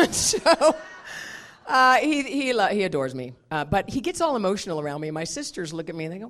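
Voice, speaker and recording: A woman minister preaching a sermon, telling a personal story in an animated way and laughing often. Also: medium pitch, normal speed.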